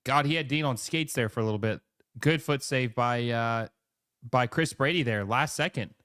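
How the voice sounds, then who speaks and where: A man hosts a live football watch-along, calling each pass in quick excited bursts before slipping into easy chat with his viewers. His voice is smooth and clear, sitting close and dry on the mic with no room sound around it. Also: medium pitch, no echo. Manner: excitable play-by-play, chatty asides to viewers. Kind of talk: live match commentary and chat reading.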